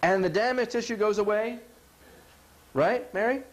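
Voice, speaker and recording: A man's voice: sits high, moderate pace. A middle-aged man, a chiropractor, giving a folksy health talk and acting out quotes as he goes. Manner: animated, acts out quotes, asks "you follow?".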